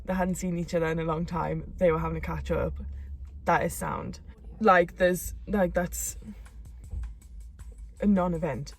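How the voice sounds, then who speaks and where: A young woman, telling a story in a casual chat, animated and quick to laugh. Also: lowish voice. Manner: animated, laughing, acts out quotes. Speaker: co-host of a couple's channel.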